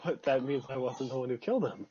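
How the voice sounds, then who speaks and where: A man's voice: mid-range voice, quick pace, dark tone, a little hiss or hum. A man playing his character in a tabletop game, joking and often restarting his sentences. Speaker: player. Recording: dull lo-fi sound.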